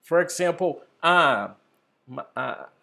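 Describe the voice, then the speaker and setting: A man teaching an English lesson over a video call, slow and deliberate, building up example sentences. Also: fairly high pitch, animated, gravelly, bright, forceful tone.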